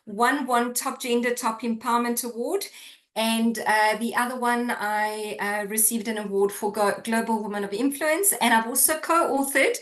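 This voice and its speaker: Italian woman mentor, giggly, kinda high voice, echoey room. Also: moderate pace, fairly bright tone. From Italy. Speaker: speaker and mentor. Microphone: video call. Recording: roomy echo.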